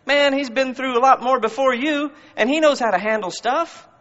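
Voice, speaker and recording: A male pastor with a high voice delivers a conversational sermon, pressing his congregation with rhetorical questions. His words ring out through a church with a long, lingering reverb, and the recording sounds somewhat muffled. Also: normal speed, a bit bright.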